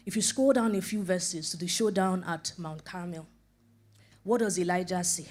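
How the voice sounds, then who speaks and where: A woman's voice: lowish voice, fairly even intonation, normal speed, a little mellow. A middle-aged woman preacher giving a sermon, acting out scripture quotes and dialogue, asking rhetorical questions over and over and laughing often between her points. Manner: rhetorical questions, repeated for emphasis. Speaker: preacher and life coach.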